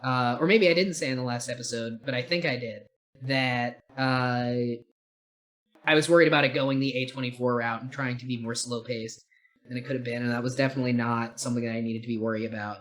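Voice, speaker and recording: Podcast co-host, casual film review, rambling, opinionated, mid-pitched voice. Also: fairly even intonation, fairly quick, a bit bright.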